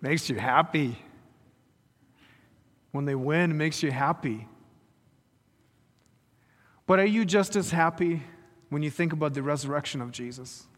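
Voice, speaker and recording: A man's voice: on the high side, unhurried, pauses often, a bit bright. A man preaching a sermon, retelling a story and pressing his listeners with rhetorical questions. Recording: reverberant hall.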